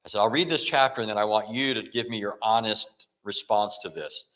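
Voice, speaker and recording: Lively man telling a story on stage. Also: fairly low pitch, fairly quick. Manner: animated storyteller acting out dialogue; frequent self-corrections and restarts. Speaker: Christian apologetics speaker. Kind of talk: conference talk with storytelling.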